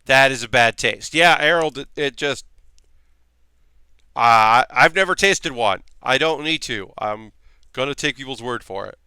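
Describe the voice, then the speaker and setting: A man's voice: medium pitch, unhurried, bright, forceful tone, smooth, no room sound. A man hosting a livestream, chatting loosely and profanely and answering comments from chat as he talks. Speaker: livestream host.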